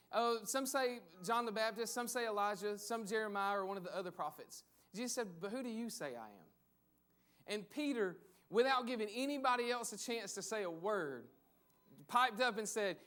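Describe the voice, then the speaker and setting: A man, delivering a church sermon. He talks in a relaxed, conversational way and repeats key phrases to drive them home. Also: sits high, moderate pace. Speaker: pastor.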